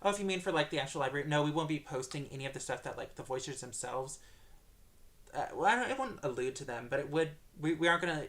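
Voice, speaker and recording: A man's voice: fairly high pitch, expressive, quick pace, fairly bright tone. Hesitant man answering stream questions. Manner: hesitant, many filler sounds. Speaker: developer answering viewer questions. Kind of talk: livestream Q&A.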